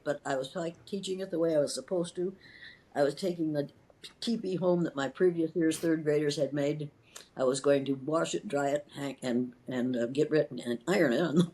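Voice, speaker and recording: Her voice deep and dark, an older Iowa woman who used to teach school recounts her story for an interviewer. She speaks with passion and emphasis, often restarting sentences and saying words twice.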